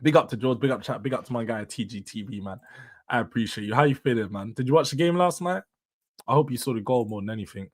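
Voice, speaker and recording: A young man runs a relaxed live stream. He talks in easy street slang and laughs often, chatting loosely with his viewers. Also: mid-range voice, fast. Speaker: livestream host. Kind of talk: casual stream chat.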